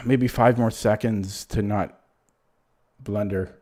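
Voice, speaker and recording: In a lowish, darkish voice with fairly even intonation, a man plays chess on a live stream, talking slowly and leaving long pauses. His commentary is casual and rambling, with self-deprecating asides and moves muttered half to himself.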